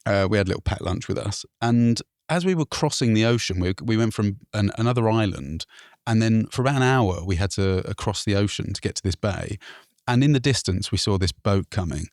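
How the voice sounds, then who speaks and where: Man from England, gravelly voice, animated storytelling, dry close mic, laughs and swears. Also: on the low side, brisk, dry recording. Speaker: guest telling a travel story. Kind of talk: casual podcast storytelling.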